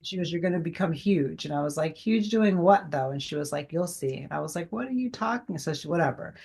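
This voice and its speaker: A woman's voice: on the low side, lively intonation, a little fast, gravelly, darkish tone, breathy edge. A woman in her forties, a guest chatting casually in an interview, rambling with many fillers and acting out past conversations.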